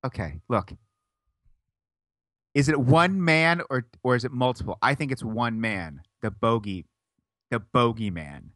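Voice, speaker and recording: A man of middle pitch co-hosting a podcast, stubbornly teasing his partner. His voice jumps up and down expressively. The recording is dry and close. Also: animated, a little slow, long pauses, fairly bright tone, dry recording. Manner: stubborn, teasing, laughs often. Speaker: podcast co-host. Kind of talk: casual banter.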